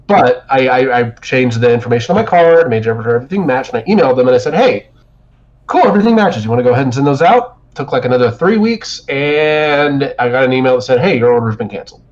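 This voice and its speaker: Animated and quick, with a mid-range voice, the man co-hosts a podcast and drifts through a long, foul-mouthed story, starting over again and again. The casual chat comes through dull lo-fi stream audio.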